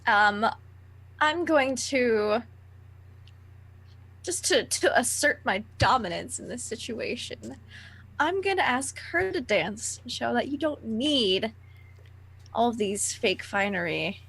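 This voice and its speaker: Husky-voiced young woman role-play player. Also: on the high side, animated, fairly bright tone. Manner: deliberate, defiant in-character declarations. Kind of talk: in-character tabletop role-play.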